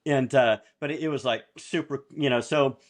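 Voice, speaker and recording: A man's voice: mid-range voice, normal speed. A man in casual podcast chat, telling rambling business anecdotes and chuckling as he goes. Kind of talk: casual storytelling.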